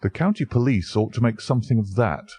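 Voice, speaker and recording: Man voices a dry, shrewd detective, husky and dry-sounding. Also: mid-range voice, expressive, a little fast, mellow, no echo, pitched above the performer's own voice. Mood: thoughtful. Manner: thoughtful, probing.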